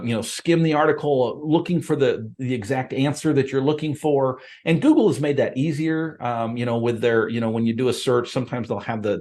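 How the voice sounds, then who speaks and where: A middle-aged man hosts a podcast, speaking straight into the camera in a casual way. His voice sits at a middle pitch, and he sounds earnest and plain-spoken. He often restarts his sentences and uses fillers along the way. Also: a little mellow. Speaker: podcast host and appraiser coach. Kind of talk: casual direct-to-camera talk.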